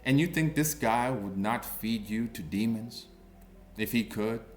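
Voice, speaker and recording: A man in his thirties delivers a ranting commentary in a mocking, confrontational way, leaning on slang. He talks at a slow, deliberate pace, with faint music playing behind him. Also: lowish voice. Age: 30s. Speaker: online commentator.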